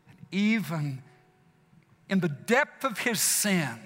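A man preaching a sermon, repeating phrases for emphasis and swinging from loud exclamations down to hushed whispers. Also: high-pitched, sing-song, takes it slowly, pauses often. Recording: long hall reverb with faint music.

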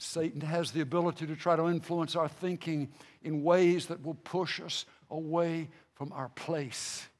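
A male pastor preaching a sermon with passion, repeating phrases and restarting himself, swinging between loud outbursts and hushed lines. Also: fairly high pitch, long reverb tail.

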